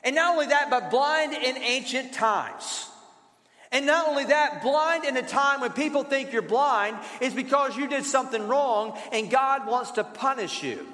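A pastor with a very high-pitched, slightly bright voice preaches a sermon in a conversational style, using rhetorical questions and repetition. The recording has roomy hall reverb.

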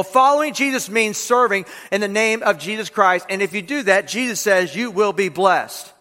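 A man's voice: high voice, pushed and bright, long reverb tail. A man preaching a sermon to his congregation, who leads them in repeating key lines aloud. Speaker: pastor. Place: church sanctuary.

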